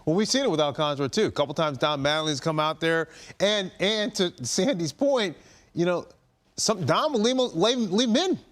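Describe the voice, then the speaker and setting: Sports show host guy, higher voice, tosses out quick questions and keeps it moving. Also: animated, a bit bright. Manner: prompting, affirming, quick questions. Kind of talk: studio sports discussion.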